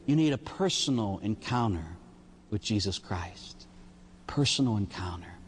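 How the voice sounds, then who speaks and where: A man, a priest, preaching a sermon in an animated, joking way, acting out the voices of parishioners. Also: a little high, in a large hall.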